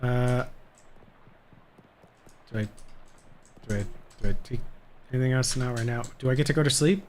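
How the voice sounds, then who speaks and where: A man streams a video game, reading its text aloud in a chatty, thinking-aloud way. His voice is mid-pitched, and a faint hiss sits under it. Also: normal speed, long pauses.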